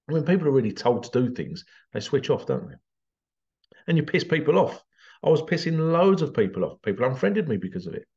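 A man in a casual storytelling monologue, animated and conversational. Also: mid-range voice, fairly quick, highs cut off. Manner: animated, conversational, acts out quotes. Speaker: vlogger.

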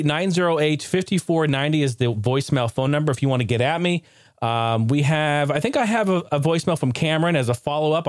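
A man's voice: mid-range voice, no echo, studio quality. A man hosting his own podcast, telling a rambling funny story and laughing often, then running through the show's housekeeping. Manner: loose, rambling, laughs a lot, mimics shouting neighbor. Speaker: podcast host. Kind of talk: casual solo podcast storytelling.

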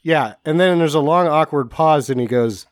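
A man co-hosting a casual movie-review chat, retelling scenes wryly and acting out lines deadpan. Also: on the high side, moderate pace, a loud crowd. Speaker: podcast co-host.

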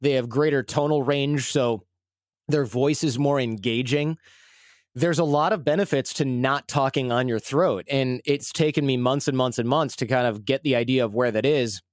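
A man's voice: medium pitch, moderate pace, no room sound, clean studio sound. A man from Michigan in his forties, talking as a guest in a casual, rambling and self-deprecating way. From Michigan, USA. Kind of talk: casual conversational storytelling.

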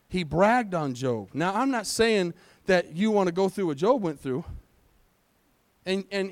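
A man with a high voice preaches a lively sermon, throwing rhetorical questions at his congregation and waiting for them to answer. His delivery is animated and conversational, swinging between loud pushes and quiet asides. The sound is dry and close. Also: no room sound. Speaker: pastor. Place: church.

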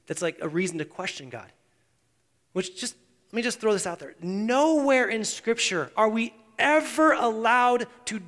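A man preaching a sermon as pastor. He swings between hushed, intense passages and loud, animated emphasis. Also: high-pitched. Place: church sanctuary. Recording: long church reverb.

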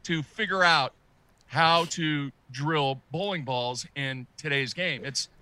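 A man with a high, very bright voice, telling a story in casual chat. He is animated and often repeats and restarts his words. The sound is dry and close. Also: slow pace, no room sound. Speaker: podcast guest.

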